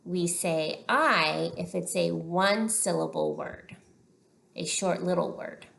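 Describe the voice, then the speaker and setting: A woman teacher leading a phonics lesson, prompting slowly and clearly with patient, drawn-out words. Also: lowish voice, fairly even intonation. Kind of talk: slow, deliberate phonics lesson. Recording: echoey room.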